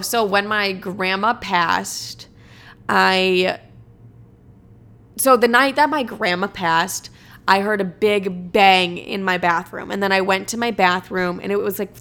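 Young woman vlogger, mid pitch, casual and raw, lots of "like" and cursing. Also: a bit bright. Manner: casual, swears often, heavy use of "like". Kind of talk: candid personal storytelling to camera.

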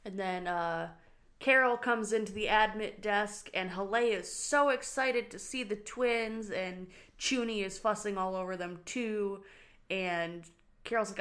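A woman's voice: mid-range voice, normal speed, a bit bright. A woman co-hosting a casual podcast, recapping a TV episode in a chatty, teasing way. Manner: chatty, teasing, acts out characters' lines. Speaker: podcast co-host.

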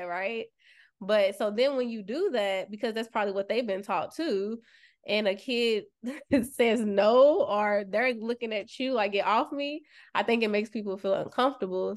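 Woman co-host on a chill podcast, thinking out loud, lots of um and like while she finds words, middle pitch. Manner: reflective, searches for words, laughs softly. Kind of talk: casual podcast chat.

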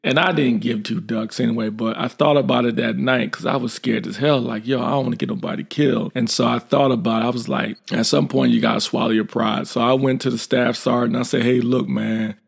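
A man's voice: medium pitch, fairly quick, vocal fry, few pauses, breathy edge. A middle-aged man, a military veteran, tells a story in a casual, blunt and informal way. He livens it up by acting out the dialogue in it. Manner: lively, acts out quoted dialogue.

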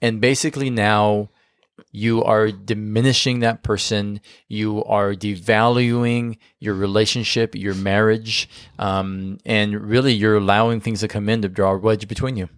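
A man co-hosting a marriage podcast, giving casual advice in an animated, emphatic way and often restarting his sentences. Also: on the low side, unhurried, no echo, studio quality.

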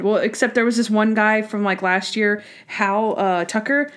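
A woman's voice: medium pitch, moderate pace, fairly bright tone, smooth. A woman co-hosting a casual chat about a TV episode, talking with enthusiasm and acting out characters' lines in changing voices. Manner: enthusiastic, acts out quotes in shifting voices. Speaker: podcast co-host.

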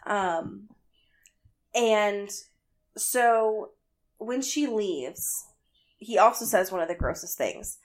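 A young woman talks through a book she dislikes, sarcastic and blunt, peppering her talk with "um" and "like" and the odd swear word. Her voice sits in a middling range and is relaxed. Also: medium pitch, drawn-out words, pauses often. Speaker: podcast co-host. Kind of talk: casual book discussion.

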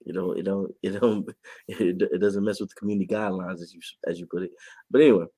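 A man co-hosting a podcast and reporting on sports, talking in a casual, animated way and laughing often. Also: low voice, fast talker, breathy edge, no room sound. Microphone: podcast mic.

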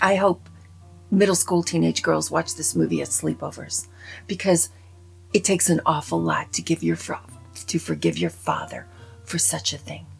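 A woman talks through a film review in a casual, rambling way, opinionated and animated. Her voice sits low and has a gravelly fry and a heavy husk. Faint guitar music plays behind her. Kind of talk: casual spoken movie review.

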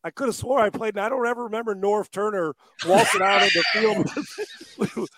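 A man's voice: high-pitched, moderate pace, very noisy. A man who trains quarterbacks, telling stories in casual chat, swearing often and laughing as he goes. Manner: profane, animated storytelling with laughs.

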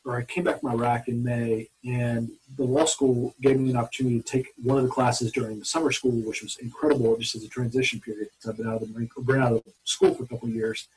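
A man's voice: medium pitch, fast talker, few pauses, breathy edge, poor audio. A man in his forties, a former Marine from Alabama, telling long rambling anecdotes as an interview guest. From Mobile, Alabama, US. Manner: rambling, animated anecdotes with many restarts. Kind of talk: casual storytelling interview.

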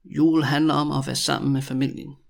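Creaky-voiced man drilling phrases slowly. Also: on the high side, level tone. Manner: enunciates each word carefully, then explains casually. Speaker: language teacher. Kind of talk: slow, repeated phrase drills in a language lesson.

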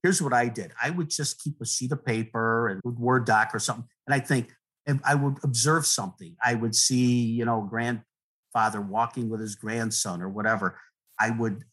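A middle-aged man, a guest poet, talking in a rambling, earnest way, with many restarts and soft laughs. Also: mid-range voice, husky, low-quality recording. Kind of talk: relaxed conversational interview.

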